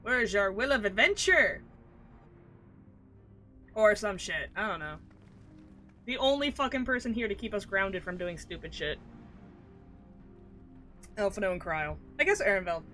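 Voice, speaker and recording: A woman's voice: medium pitch, expressive, normal speed, long pauses, a bit bright, faint music behind. A woman streaming a video game, chatting casually with a rambling, self-deprecating manner and frequent swearing. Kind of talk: casual gameplay commentary.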